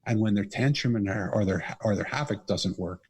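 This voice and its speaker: A middle-aged man, a podcast guest and author, telling a personal story in an earnest, animated way. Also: fairly low pitch, fairly quick, husky. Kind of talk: conversational storytelling.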